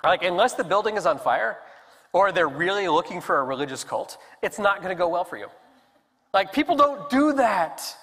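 A man preaching a sermon as pastor, telling the story with animated voices for the characters. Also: high-pitched, normal speed. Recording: long hall reverb.

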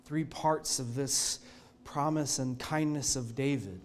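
A male pastor preaching a sermon in a church, telling the story in an earnest, expressive way. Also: medium pitch, takes it slowly, a little hiss or hum.

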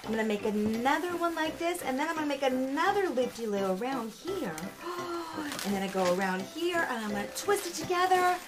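A woman hosting a children's show, talking excitedly to small children with lots of gasps and a sing-song delivery. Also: sits high, a little fast, hardly any pauses. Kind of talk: children's program presenting. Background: background music.

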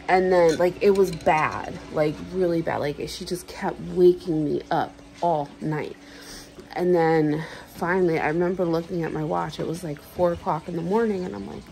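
A woman's voice: fairly low pitch, moderate pace, vocal fry, darkish tone, rough recording. A young adult woman telling a frustrated, swear-filled story to her camera in a casual vlog. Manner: ranting, swears freely, lots of fillers. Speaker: vlogger.

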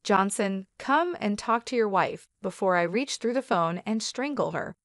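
A furious, scheming mother-in-law who speaks in sharp, accusing bursts, as a woman puts her on. The voice sits at an ordinary middle pitch for a woman. It is read dry and close, like a storybook narration. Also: lively intonation, normal speed, no room sound, close to an everyday voice. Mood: angry.

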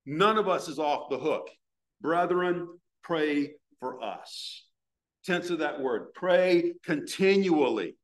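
A man preaching a sermon as pastor, earnest, slowing down to stress words from scripture. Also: lively intonation. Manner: prays in a hushed, low voice.

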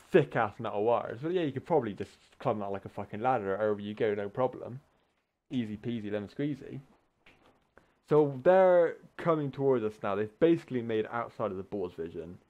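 A man hosting a gaming channel, telling a story in a casual, sweary, rambling way, full of filler words and quick acted-out voices. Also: on the low side, lo-fi sound. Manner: animated, acts out voices in the story. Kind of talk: casual storytelling over gameplay.

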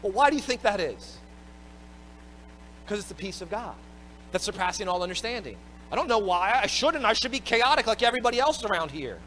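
A man's voice: high voice, sing-song, a little fast, a bit bright, slight background noise, low-quality recording. A man preaching a sermon as pastor, emphatic and repeating his words as he drives home each point.

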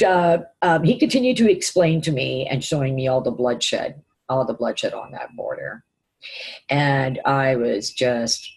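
A woman's voice: a bass voice, slightly rough, rough recording. A woman telling a personal spiritual vision to camera, hesitant and full of fillers and repeated phrases. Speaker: vlogger recounting a spiritual vision. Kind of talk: personal testimony storytelling.

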